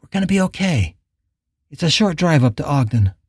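A man voicing a determined woman who speaks calmly and reassuringly. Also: a little high, fairly quick, slightly rough, no room sound, studio quality, pitched above the performer's own voice. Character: steady determined young woman driver.

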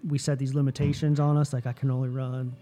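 A man hosting a casual chat, telling a story with lively energy and lots of "like" and "you know". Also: medium pitch, fast talker. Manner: animated storytelling, heavy use of "like".

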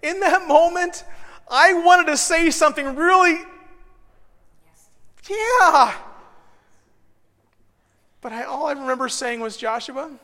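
A man in his thirties preaching a sermon, telling a self-deprecating personal story that builds to shouts. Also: extremely high pitch, expressive, slow, pauses often. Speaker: pastor. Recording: long reverb of a large hall.

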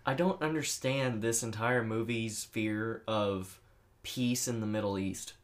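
Low-voiced woman ranting bluntly. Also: a little slow. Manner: blunt, swears, baffled ranting. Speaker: podcast co-host reviewing a movie. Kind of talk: casual chat.

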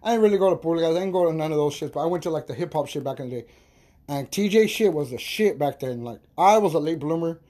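A podcast host spins a rowdy tale in a loose, profane, laughing monologue. His voice sits high for a man. The tone is soft and mellow, never sharp. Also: quick pace. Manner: animated, profane, laughing storyteller. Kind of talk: casual storytelling monologue.

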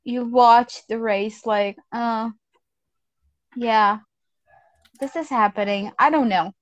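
A woman chatting at an unhurried pace, rambling and swearing freely as she vents. Her voice sits at a middle pitch. The recording is dry and close. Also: dry recording. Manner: rambling, frank and profane, self-styled hater. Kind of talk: casual chat about motor racing.

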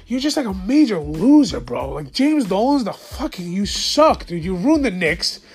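A man's voice: high voice, very animated, normal speed, slightly rough. A man in his thirties from the New York area ranting about his sports teams in a casual, profane, heated podcast monologue.

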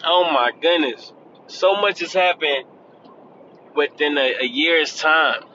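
A vlogger chats loosely and casually with his viewers, often saying "man" and "y'all." His voice is fairly high, slow and sharp-toned, and the dull lo-fi recording carries faint vehicle noise.

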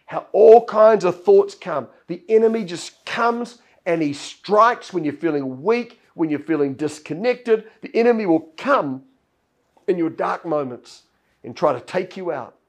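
A man. He retells a Bible story as a lively narrator and voices its characters along the way. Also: high-pitched, measured pace. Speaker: pastor. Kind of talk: sermon.

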